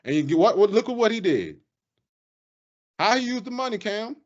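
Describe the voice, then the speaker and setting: A man co-hosting a casual sports podcast, ranting with animated, profane energy. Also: high voice, normal speed. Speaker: podcast co-host. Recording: dull lo-fi podcast audio.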